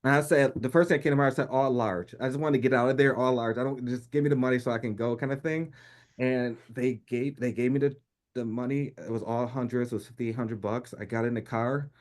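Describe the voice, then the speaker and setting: Animated New York man telling a story. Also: medium pitch, fast talker. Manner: animated, laughs often, acts out quoted speech. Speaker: podcast guest. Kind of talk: casual storytelling.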